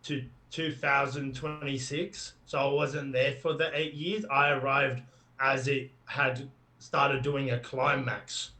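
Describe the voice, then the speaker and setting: A man's voice: mid-range voice, little pitch movement, slow, bright, forceful tone. A man talking as a wrestler guest in a casual, jokey interview, swearing freely. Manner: jokey, swearing, puts on a French character voice.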